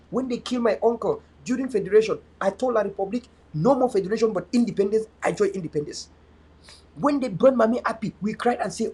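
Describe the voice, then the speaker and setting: A man's voice: high voice, fast talker, a little mellow, breathy edge. A man, hosting an online show and giving an impassioned, pleading address with a preacher-like cadence.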